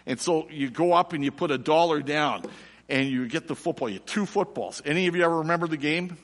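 A middle-aged man, preaching a sermon and telling a lively personal story before turning quiet and slow. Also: fairly high pitch. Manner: animated storyteller, drops to soft and slow for reflection. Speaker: pastor. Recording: long reverb of a large hall.

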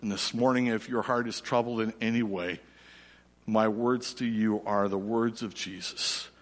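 A middle-aged man, preaching a sermon and telling a lively personal story before turning quiet and slow. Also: on the low side. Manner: animated storyteller, drops to soft and slow for reflection. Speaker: pastor. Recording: long reverb of a large hall.

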